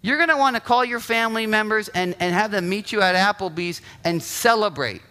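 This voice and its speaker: A male pastor delivering a sermon, telling the story in an animated way, acting out quotes and often checking in with "right?". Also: high voice, fairly quick, smooth.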